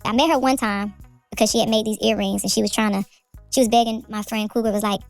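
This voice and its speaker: A woman telling a story in a lively chat, quick and animated, acting out the people in it. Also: a little high, dry recording, soft background music. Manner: lively, quick, acts out voices in her story. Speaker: co-host telling her story.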